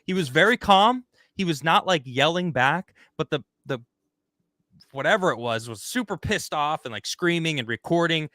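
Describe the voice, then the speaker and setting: A man hosting a casual podcast chat, talking in an animated, rambling way and acting out the people he quotes. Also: a little high, normal speed, dry recording, clean studio sound. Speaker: host.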